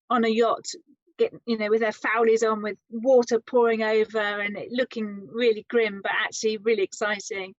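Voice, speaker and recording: Fairly high-voiced woman, guest, animated storyteller; dull, dry recording. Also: no room sound. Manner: lively storyteller, acts out quoted voices. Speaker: interview guest, adventure psychologist. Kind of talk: conversational storytelling. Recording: slightly muffled, dry sound.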